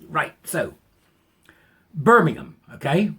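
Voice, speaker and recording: A man with a mid-range voice hosts his own channel, delivering a fairly quick, sarcastic running commentary on a news story. He's animated and full of incredulous asides, with slight background noise in the recording.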